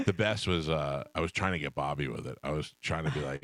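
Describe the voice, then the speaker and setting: A male radio host with a low, deep voice, spinning anecdotes in casual banter and slipping into the voices of the people in his stories. The sound is dry and close, from a studio microphone. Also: fast, fairly bright tone, no echo. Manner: storytelling, acts out voices in anecdotes.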